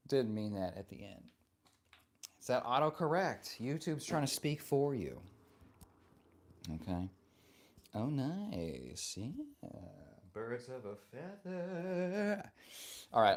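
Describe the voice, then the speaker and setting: A man hosting a casual live stream, reading viewer comments aloud and answering them in a playful, joking and affectionate way. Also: medium pitch.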